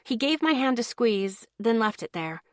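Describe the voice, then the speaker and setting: A woman's voice: on the high side, very animated, moderate pace, no echo, clean studio sound. A woman reading a first-person audiobook in a casual, lightly wry tone. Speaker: audiobook narrator.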